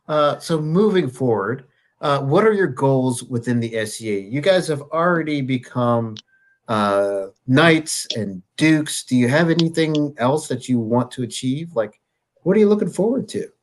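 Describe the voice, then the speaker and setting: A man hosts a relaxed chat, easygoing and laughing often as he reads out questions. His voice sits at an ordinary middle pitch. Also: unhurried. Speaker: host. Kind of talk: casual chat.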